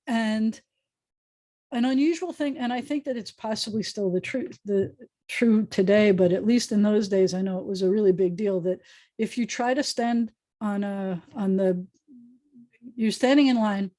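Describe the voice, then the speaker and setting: American woman, rabbi, online lesson, mellow, dry close sound, chatty, rambling. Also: mid-range voice, moderate pace, no echo. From United States. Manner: chatty, storytelling, self-correcting. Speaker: rabbi teaching Hebrew. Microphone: video call.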